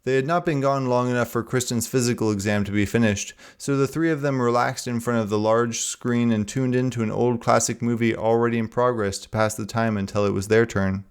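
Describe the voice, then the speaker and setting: A man reading a novel aloud in a steady, even narration. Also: medium pitch, a little fast, few pauses, clean tone.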